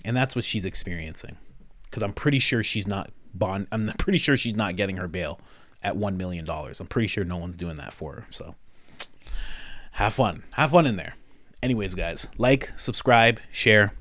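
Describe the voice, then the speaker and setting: A man's voice: low voice, normal speed, a bit bright, no echo. A man hosting his own commentary show, ranting emphatically and repeating phrases for stress. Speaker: commentary channel host. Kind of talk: casual opinion commentary.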